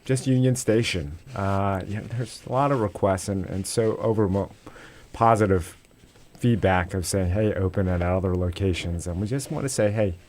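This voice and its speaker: A deep-voiced man speaks as a guest in a radio studio. He sounds upbeat and restarts his sentences often, doubling his words. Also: darkish tone. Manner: halting, repeats words, upbeat. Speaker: restaurant regional director, guest. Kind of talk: casual interview.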